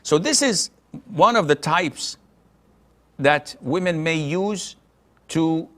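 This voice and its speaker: A man's voice: on the high side, animated, slow pace, fairly bright tone. A middle-aged man, an Islamic scholar, answering a question firmly and emphatically, sometimes acting out short dialogues. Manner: firm, emphatic, acts out dialogues. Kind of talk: religious Q&A answer.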